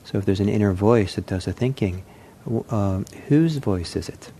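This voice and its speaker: A man giving an unscripted meditation talk, speaking in a gentle, reflective way with frequent pauses and restarts. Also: on the low side, a little hiss or hum. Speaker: meditation teacher.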